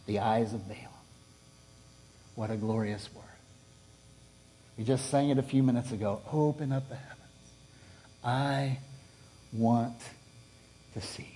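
A pastor preaching a sermon, telling a story with lively swings between loud and hushed delivery. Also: male voice, medium pitch. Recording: long reverb of a large hall.

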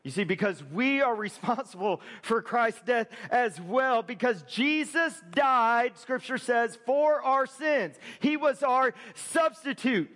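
A man preaching a sermon as a pastor, conversational with quick asides to the congregation. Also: extremely high pitch, animated, fairly bright tone, big-room sound.

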